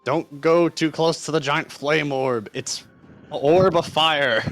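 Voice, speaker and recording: A man's voice: a little high, slow pace, fairly bright tone, soft background music. Playful man running a tabletop game. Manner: laughing, playful. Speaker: game master.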